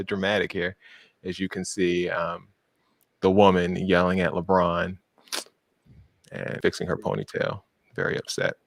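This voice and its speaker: A man's voice: low voice, no room sound. A man hosting a casual podcast, laughing often as he recaps the news. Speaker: host.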